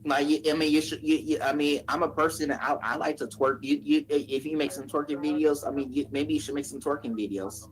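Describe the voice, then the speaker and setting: Fast, profane trash-talking streamer. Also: medium pitch, fairly even intonation, poor audio. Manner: rapid, profane, stammering repeats. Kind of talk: crude casual trash talk.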